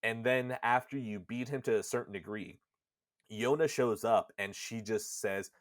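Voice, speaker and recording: A man with a low voice recaps a video game's plot for a podcast at a relaxed, unhurried pace. He is animated and swears casually, and he drops into voices for the characters. The close mic sounds dry, with no room echo. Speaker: podcast co-host. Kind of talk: casual retelling of a game plot.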